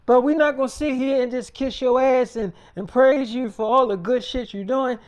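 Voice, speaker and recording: A man's voice: very high-pitched, fairly even intonation, moderate pace, smooth. A man playing a confident male film producer who talks bluntly and brashly, swearing, in an improvised freestyle role-play.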